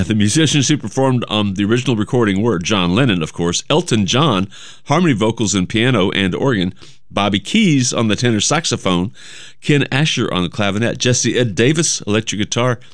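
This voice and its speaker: A man's voice: on the low side, no room sound, clean studio sound. A man hosting a radio music show, chatting loosely between songs and reading notes aloud. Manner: rambling, chatty, self-correcting. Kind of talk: casual radio chat. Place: radio studio. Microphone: studio mic.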